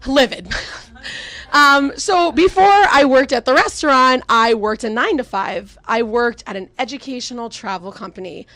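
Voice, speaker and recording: A woman's voice: a little high, normal speed, pushed and bright, dry recording. A young woman performing a stand-up comedy set, telling exasperated, sarcastic stories with plenty of swearing.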